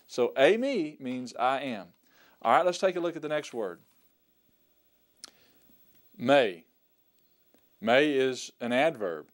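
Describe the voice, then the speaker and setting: A man teaches a recorded Greek lesson in a smooth, resonant voice at a middle pitch. He speaks slowly and deliberately and says each word and its meaning twice. He explains patiently, the way a teacher walks students through vocabulary. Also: sing-song. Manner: slow, deliberate, repeats words for emphasis.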